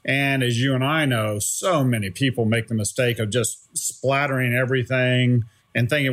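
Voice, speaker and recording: Man, middle-aged, former startup CEO, animated storytelling, conversational interview, mid pitch. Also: normal speed, hardly any pauses. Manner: animated, keeps asking "right?".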